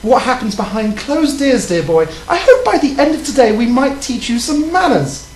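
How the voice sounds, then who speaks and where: A woman's voice: fairly high pitch, big pitch swings, roomy sound, noisy background. A woman voicing a prim, proper European lady with a put-on British accent, genteel and easily offended. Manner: genteel and overly polite, drawn-out exclamations. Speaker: co-host. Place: hotel studio.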